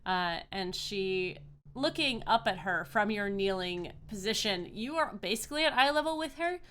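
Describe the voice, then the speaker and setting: A woman's voice: mid-range voice, a bit bright, clear, resonant tone. A woman narrating a tabletop fantasy game as game master, describing scenes with frequent fillers.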